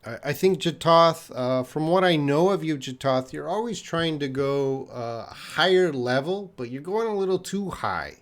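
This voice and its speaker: Canadian guy teaching english live, slow and patient, reads out chat names, lots of uh's. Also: a little high, animated, fairly bright tone. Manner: slow, patient, repeats student names and pauses with uh; drinks tea while talking to the camera. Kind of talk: live-stream English lesson answering chat questions.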